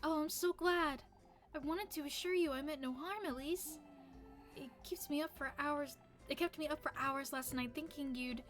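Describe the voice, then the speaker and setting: A woman voices a timid young village girl, bright and high, soft and pleading. She is always apologizing and eager to please. Faint music plays under her, as in a game. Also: moderate pace. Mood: grateful.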